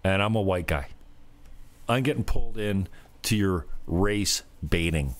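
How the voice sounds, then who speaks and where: A man's voice: low-pitched, measured pace. A man vlogging a casual, rambling rant, swearing often and sounding exasperated.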